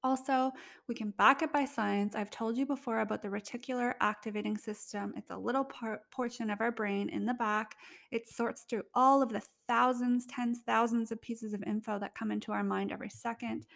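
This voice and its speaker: A woman's voice: on the high side, fairly even intonation, brisk, vocal fry, a bit bright. A young adult woman hosting a casual solo podcast, chatty, filling her talk with "like" and laughing often. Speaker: podcast host.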